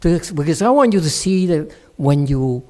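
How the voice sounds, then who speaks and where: Non-native english speaking meditation teacher guy, blunt, scolds his students, pitch jumps all over, loud one sec then muttering. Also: expressive, moderate pace. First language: Chinese. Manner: blunt, scolding, mocks students' excuses in voiced quotes; swings between loud outbursts and quiet muttering. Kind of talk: dharma talk answering students.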